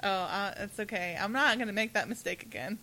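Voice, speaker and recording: Young woman with a slight lisp, bright voice. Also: mid-range voice, fairly quick, low-quality recording. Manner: chatty, many "like" fillers, laughs often. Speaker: podcast co-host. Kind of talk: casual chat.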